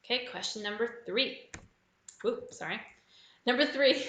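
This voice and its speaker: A woman with an Australian accent hosting a live online pub quiz, reading each clue slowly and repeating it. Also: fairly high pitch, fairly bright tone, echoey room, poor audio. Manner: reads clues slowly and repeats them. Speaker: quiz host.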